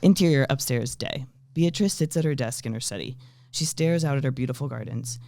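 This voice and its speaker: A man reading stage directions aloud at a comedy table read, in a deadpan manner that often cracks into laughter. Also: mid-range voice, brisk, gravelly, dry recording. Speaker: script reader.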